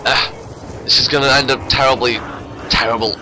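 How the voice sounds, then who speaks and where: A man's voice: medium pitch, fairly even intonation, brisk, background noise. Joking male gamer with a sore throat. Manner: rambling, self-mocking jokes. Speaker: gaming channel host. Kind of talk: casual gameplay commentary.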